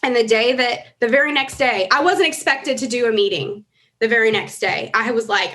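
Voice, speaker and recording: A woman's voice: fairly high pitch, moderate pace, a bit bright. A woman in her thirties speaking on a convention stage, emotional and earnest, building to urgent calls for commitment. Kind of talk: motivational stage speech. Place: large convention hall.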